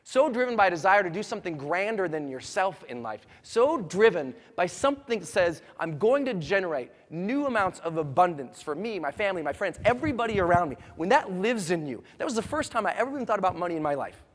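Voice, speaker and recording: Guy hyping up a crowd, motivational speech, kinda high voice, big echoey hall. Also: sing-song, fast, few pauses. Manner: builds from hushed storytelling to loud rallying calls. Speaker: motivational speaker. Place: large hall with an audience. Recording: long hall reverb.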